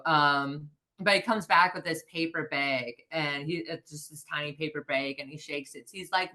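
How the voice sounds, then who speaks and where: A young woman from the Midwest, a podcast guest on a video call, telling a story with animated, profane quoting of herself. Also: deep voice, normal speed. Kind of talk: storytelling in casual chat.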